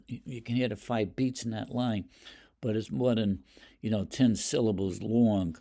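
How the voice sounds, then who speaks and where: A man's voice: fairly low pitch, normal speed, dark tone. A man teaching a poetry lesson, explaining stanzas and reading the verse aloud with rising emphasis, with many fillers and restarts. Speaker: literature teacher.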